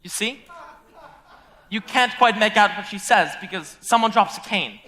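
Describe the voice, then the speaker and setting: A man's voice: high voice, moderate pace, pushed and bright. A young man playing a lonely theatre lover who talks wistfully to the audience about an old cast record, in a school stage musical. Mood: confiding. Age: young adult. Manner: confiding, wistful, rambling. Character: lonely theatre-loving man narrating from his chair. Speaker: stage actor. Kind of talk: live stage musical acting.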